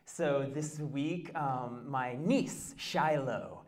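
Male pastor, casual, animated storyteller in a sermon. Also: medium pitch, extremely slow. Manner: chatty, animated storytelling with asides.

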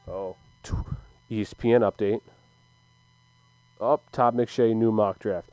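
A man's voice: on the low side, steady tone, slow, long pauses, dark tone, no echo, soft background music, poor audio. A young man ranting casually to camera, heated and profane, with frequent stumbles and restarts. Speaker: sports commentator.

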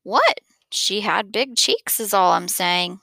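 A woman's voice: mid-range voice, slow, creaky, no room sound, exaggerated voice. A woman reading aloud, voicing a cheerful father who loves to joke and make his family laugh. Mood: joking. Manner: excited, jokey.

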